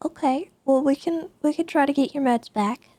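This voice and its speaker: A woman in her thirties playing a gentle, reassuring police officer in a game role-play, often restarting her words. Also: high voice, moderate pace, no room sound, close to an everyday voice. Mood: soothing. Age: 30s. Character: calm woman police officer Tessa, caring.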